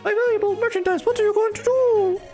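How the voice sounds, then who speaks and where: A man voicing a frightened old male merchant in a game, pleading in a high, strained voice. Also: steady tone, fast, a little mellow, faint music behind. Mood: panicky. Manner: shrill, panicky pleading.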